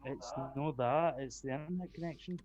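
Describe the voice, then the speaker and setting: A man's voice: on the high side, normal speed, darkish tone, dull audio. A man player joking casually at a tabletop game, talking over a headset on an online call.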